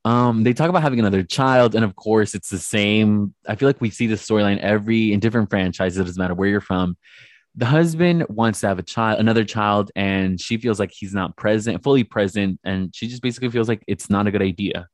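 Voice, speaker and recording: A man's voice: on the low side, brisk, no room sound, clean studio sound. A man co-hosting a podcast, recapping a reality show in a chatty, gossipy way with sarcastic asides. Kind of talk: casual chat.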